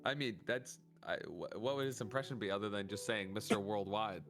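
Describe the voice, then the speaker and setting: A man's voice: on the low side, a little fast, fairly bright tone, faint music behind. A man hosting a podcast, chatting casually, playfully exasperated and incredulous. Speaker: podcast host. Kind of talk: casual chat.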